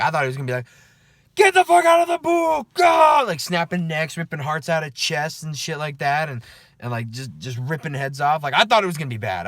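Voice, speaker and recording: A man's voice: medium pitch, fairly bright tone, no echo. A man working night-shift security, telling stories from his shift in a casual, profane vlog, often checking in with the listener. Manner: chatty, profane, keeps checking in with "okay?" and "right?". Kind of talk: casual after-work storytelling vlog.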